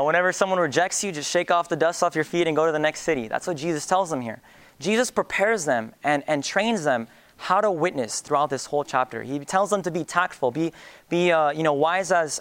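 Earnest young man preaching, smooth voice. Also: on the high side, a bit bright. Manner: earnest, with many fillers and restarts. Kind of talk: sermon.

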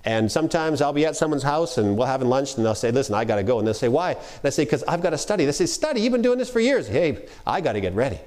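A middle-aged man giving a conversational workshop lecture on preaching, animated and acting out quoted speech. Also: medium pitch, fast, hardly any pauses. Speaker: preaching instructor.

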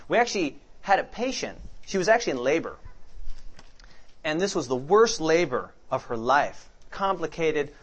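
Lively preacher quizzing his congregation. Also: a little high, normal speed. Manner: questions the congregation and fills in the answers. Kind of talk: interactive sermon.

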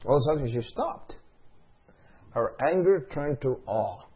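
A man's voice: mid-range voice, lively intonation, measured pace, husky. A middle-aged male preacher giving a sermon, telling a story and asking the congregation call-and-response questions. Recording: dull lo-fi recording.

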